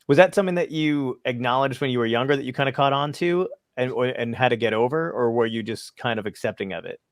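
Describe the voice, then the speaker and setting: Fast-talking male podcast host. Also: medium pitch, no echo, clean studio sound. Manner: eager, chatty, quick follow-up questions. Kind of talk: casual interview.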